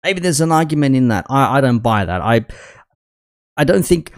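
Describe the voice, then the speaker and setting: A man's voice: mid-range voice, very animated, normal speed. A man doing casual live commentary, rambling and restarting his sentences, dropping bro and man. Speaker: commentary streamer.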